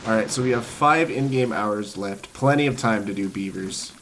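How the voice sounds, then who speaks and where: A man's voice: fairly low pitch, normal speed, a bit bright, a little hiss or hum. A man streaming a speedrun, chatting casually and explaining his tricks as he plays. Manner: laid-back, explains tricks while playing. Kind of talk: casual live-stream chat. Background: faint game music.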